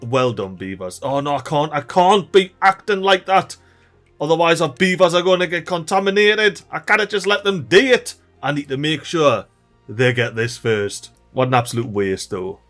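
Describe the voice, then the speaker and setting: Excitable gamer, lively pitch. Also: male voice, moderate pace, soft background music. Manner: animated, frantic shouting at in-game beavers. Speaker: gameplay commentator. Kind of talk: let's play commentary.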